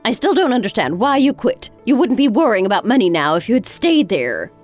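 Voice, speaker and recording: A woman's voice: on the high side, very animated, a little fast, faint music behind. A woman voicing a harsh, sarcastic older mother-in-law in a dramatized story. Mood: scornful. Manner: cutting, sarcastic.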